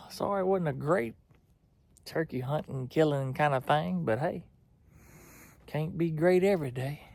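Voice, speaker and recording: A man's voice: a little high, unhurried, gravelly, long pauses, no echo. A young man chatting casually in an outdoors vlog, laughing often, folksy. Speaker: outdoors vlogger.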